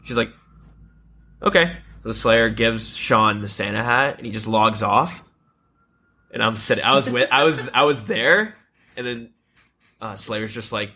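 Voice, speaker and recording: Man, young adult, podcast co-host, bright ringing voice, rambling casual storytelling, swearing. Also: mid-range voice, normal speed. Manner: rambling, swears freely, laughs at own stories.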